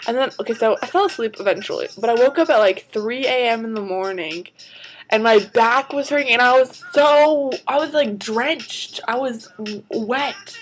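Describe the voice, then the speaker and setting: A woman vlogging in a casual chat. She tells stories in a chatty, excitable way and sounds tired. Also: a little high, normal speed, slight background noise, rough recording.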